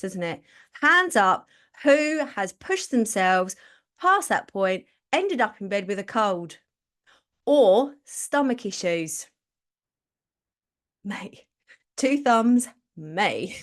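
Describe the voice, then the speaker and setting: A woman's voice: mid-range voice, fairly bright tone. A woman hosting a live stream. She gives casual motivational talk, chatting and laughing as she acts out quotes. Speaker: podcast host and business coach.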